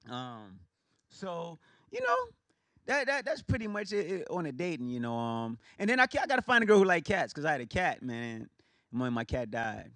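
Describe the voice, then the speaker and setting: A male comedian working the room in an animated, punchy style. His voice is bright and fairly high, and it swings widely as he sells each joke. The sound is dry and close. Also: moderate pace, dry recording. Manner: animated, punchy, loose and conversational. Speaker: stand-up comedian. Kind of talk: stand-up comedy set.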